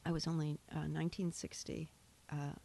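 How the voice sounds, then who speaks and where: An older woman from Massachusetts with a Boston accent, telling stories in a chatty, animated way in casual conversation. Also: sits low, normal speed, gravelly. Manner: chatty, animated storyteller, trails off and restarts. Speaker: guest. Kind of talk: casual chat.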